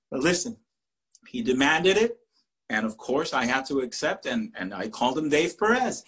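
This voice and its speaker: A Spanish-speaking man from Puerto Rico with a Puerto Rican accent, a teacher telling animated personal stories and slipping into voices. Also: medium pitch, normal speed. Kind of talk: storytelling talk.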